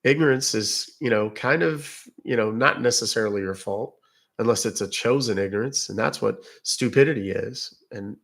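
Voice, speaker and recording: A man's voice: fairly low pitch, moderate pace, gravelly, fairly bright tone. A man from England with a British accent, hosting a livestream and chatting loosely with viewers in a rambling, self-interrupting way. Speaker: livestream host. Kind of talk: casual livestream chat answering viewers.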